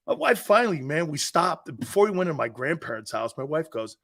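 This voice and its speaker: A middle-aged man hosting a sports talk show, telling loud, swearing stories and acting out other people's voices. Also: on the high side, big pitch swings, a little fast. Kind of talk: animated opinion monologue.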